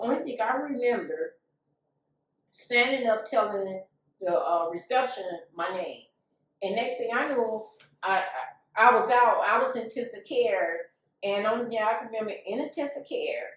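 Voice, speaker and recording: A woman's voice: fairly high pitch, heavy reverb, far from the mic, poor audio. A woman giving a candid, emotional testimony, acting out the voices of people she quotes. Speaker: guest.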